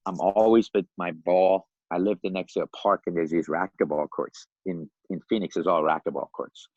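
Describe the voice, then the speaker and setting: A man in his fifties from Iran, a podcast guest telling his life story in a lively, animated way, often laughing and acting out the voices of other people. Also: low-pitched, normal speed, no room sound, lo-fi sound. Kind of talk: casual storytelling.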